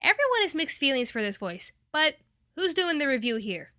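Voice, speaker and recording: An enthusiastic woman chats through an anime review in a high, lively, bright voice. The sound is dry and close. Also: normal speed, dry recording. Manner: enthusiastic and chatty. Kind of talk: casual review.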